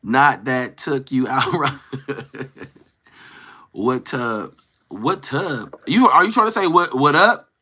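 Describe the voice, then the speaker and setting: A man hosting a casual livestream, talking to his chat in a slangy, animated way and acting out quoted lines. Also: mid-range voice, takes it slowly, pauses often, breathy edge. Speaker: livestream host. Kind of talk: casual livestream chat, reading viewer comments.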